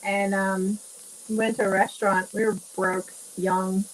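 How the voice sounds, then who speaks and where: A woman's voice: mid-range voice, flat delivery, unhurried, poor audio. A woman with a Southern accent in casual chat, chatty and explaining things step by step. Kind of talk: casual chat while canning.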